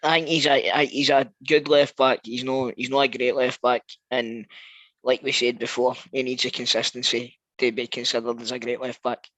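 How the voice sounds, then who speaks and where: A man's voice: medium pitch, flat delivery, normal speed, a bit bright, no room sound. A man on a football podcast panel, giving short, matter-of-fact replies. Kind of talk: casual football podcast chat.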